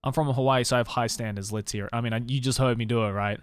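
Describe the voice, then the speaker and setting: A man's voice: medium pitch, steady tone, very fast, clean tone. A young man with an Australian accent chatting casually with his live-stream viewers, loose and rambling, swearing and laughing often.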